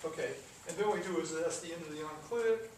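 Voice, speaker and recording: A man's voice: a little high, fast talker. A man teaching a classroom coding lesson, talking through the code step by step with casual asides. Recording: echoey classroom from far off with noise.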